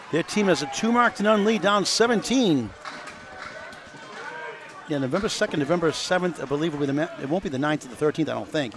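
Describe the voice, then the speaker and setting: A man doing live play-by-play for bowling, quickly reading off scores and pins. His voice sits a little higher than most men's. Clear noise runs behind him. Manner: brisk, reads scores and pin counts. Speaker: commentator.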